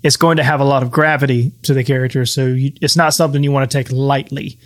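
A man's voice: medium pitch, fairly even intonation, fast. A man co-hosting a podcast, chatting casually in a loose, rambling way and running the game as its master. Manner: easygoing, rambling with restarts and laughs. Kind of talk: casual chat.

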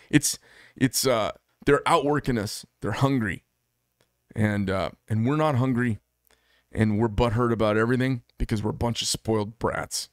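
A man's voice: mid-range voice, measured pace, long pauses, no room sound. A middle-aged American man who makes knives holds forth on his own, blunt and combative, swearing freely. His voice sits in an ordinary middle register. The sound is close and dry, with no room around it. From United States. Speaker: knife maker and channel host. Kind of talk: solo monologue to camera.

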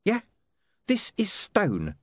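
A man's voice: high voice, wildly swooping pitch, extremely slow, no echo, clean studio sound, voice pushed up, full character voice. A man reading an audiobook, voicing a cold, menacing male criminal who talks in a clipped, mocking way. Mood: sneering calm. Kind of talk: audiobook character voice.

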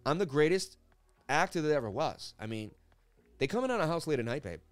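A man's voice: fairly high pitch, sing-song, brisk. A man putting on a boastful male movie star with a Boston accent, swaggering and calling the listener babe over and over. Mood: cocky bragging.

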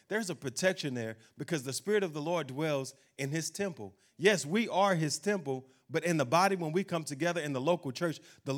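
A man preaching a sermon, emphatic, slowing down to read scripture. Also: fairly high pitch. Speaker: pastor.

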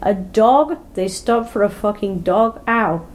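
A woman's voice: mid-range voice, moderate pace, warm tone, slight background noise, close to an everyday voice. A woman voicing a hot-tempered adult male criminal who snaps and swears in a storybook reading. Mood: angry. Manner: swearing, snapping and demanding.

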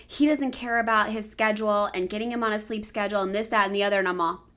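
A middle-aged woman co-hosting a casual chat, blunt and swearing freely, acting out quotes in loud bursts. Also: medium pitch, steady tone, fast talker. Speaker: podcast co-host.

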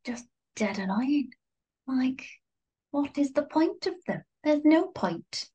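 A woman's voice: sits high, lively intonation, slow pace, mellow, muffled recording. A woman co-hosting a podcast in casual chat, wry and exasperated, with some laughter. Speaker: podcast co-host.

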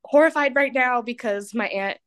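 A young woman in her twenties speaks as a podcast guest, her voice sitting slightly high. She talks candidly and chattily, with a self-mocking edge and frequent laughter. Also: moderate pace, fairly bright tone, clean tone. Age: 20s. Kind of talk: candid personal storytelling.

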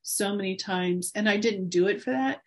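Husky earnest woman sharing her faith. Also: mid-range voice, normal speed. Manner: earnest, encouraging, with soft laughs. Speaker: guest. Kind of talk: faith testimony interview.

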